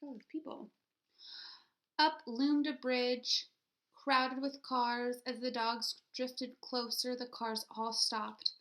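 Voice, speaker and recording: A woman teacher reading a children's picture book aloud with expression, pausing to ask her listeners questions. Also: fairly high pitch, level tone, fairly bright tone.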